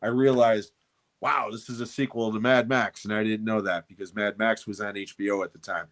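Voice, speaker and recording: A man's voice: on the low side, level tone, brisk, a bit bright. A man co-hosting a movie podcast, telling stories with enthusiasm and casual swearing. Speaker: podcast co-host. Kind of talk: casual chat.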